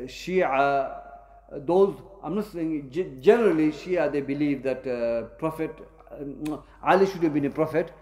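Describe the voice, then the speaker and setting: A man's voice: on the high side, a little mellow. Man teaching in an echoey mosque. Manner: explains in short repeated phrases, frequent fillers. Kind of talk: lesson Q&A with students. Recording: echoey room.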